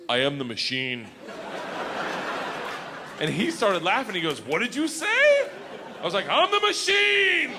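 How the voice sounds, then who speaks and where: A man doing stand-up comedy, telling a story loudly with laughs and shouted punchlines on a theater stage. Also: fairly high pitch, long reverb tail, slight background noise.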